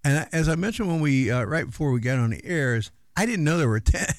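A man's voice: a little high, lively intonation, fast talker, no room sound. A middle-aged man co-hosting a radio show in loose, rambling casual chat with many fillers. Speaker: radio co-host.

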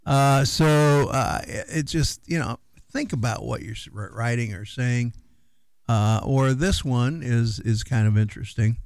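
A man's voice: mid-range voice, measured pace, dry recording. A man co-hosting a casual radio chat, rambling with fillers and restarts. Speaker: radio co-host.

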